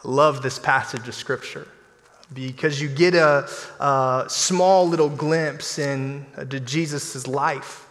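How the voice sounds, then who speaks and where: A man preaching a sermon as pastor, in an animated, conversational style with playful asides. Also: medium pitch, takes it slowly. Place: church sanctuary. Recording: long church hall reverb.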